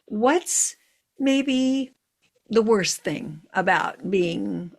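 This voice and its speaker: A woman's voice: mid-range voice, lively intonation, very slow. Upbeat older woman hosting a talk show. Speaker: podcast host. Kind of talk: casual interview chat.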